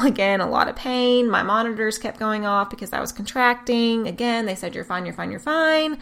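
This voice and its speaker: A young woman telling, with deep emotion and earnest candor, the story of her twins' premature birth. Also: fairly bright tone, a little hiss or hum. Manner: emotional, tearful at times, earnest. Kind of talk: personal testimony.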